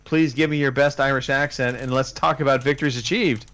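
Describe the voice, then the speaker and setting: A man's voice: medium pitch, fairly even intonation, a little fast, fairly bright tone, a little hiss or hum. A man hosting a gaming podcast in casual chat, dry and teasing as he moves the show along. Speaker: podcast host.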